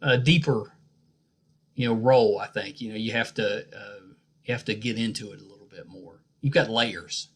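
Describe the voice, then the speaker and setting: A man with a West Virginia accent hosting a podcast interview, easygoing and joking, often trailing off softly at the ends of phrases. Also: lowish voice, normal speed, slightly rough. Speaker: podcast host. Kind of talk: casual interview.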